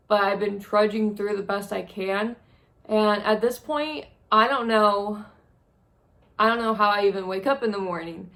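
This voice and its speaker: A young woman vlogging a monthly review from a small spare room, speaking haltingly and wearily while close to tears. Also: medium pitch, gravelly, a bit bright. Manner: halting, heavy, emotionally drained. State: on the verge of tears. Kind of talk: tearful monthly review vlog.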